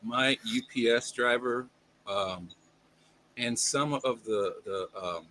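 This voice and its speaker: Man, casual chat, emphatic and salty, bright forward tone. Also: mid-range voice, slow pace. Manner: emphatic, profane complaining.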